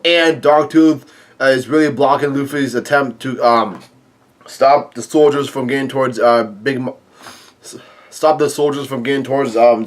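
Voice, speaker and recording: Halting man recapping a comic. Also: medium pitch. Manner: halting, heavy with fillers. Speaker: manga chapter reader. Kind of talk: casual manga recap reading.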